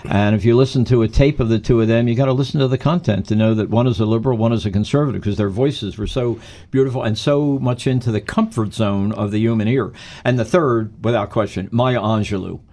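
A man's voice: mid-range voice, fast, warm tone. A man who coaches speaking, explaining his points in an emphatic, instructive way during an interview. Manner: explanatory, emphatic, gives tips. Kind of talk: conversational interview answers.

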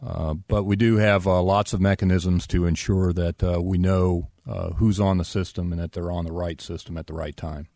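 A man's voice: deep voice, fairly even intonation, moderate pace, few pauses, dark tone, no room sound, clean studio sound. A man speaking on a panel, answering with frequent hesitations and fillers. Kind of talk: panel discussion.

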